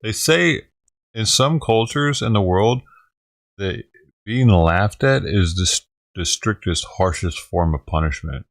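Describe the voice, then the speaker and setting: Deep-voiced crude joking man. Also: measured pace, creaky, dry recording. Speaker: streamer reacting to clips. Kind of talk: casual reaction commentary.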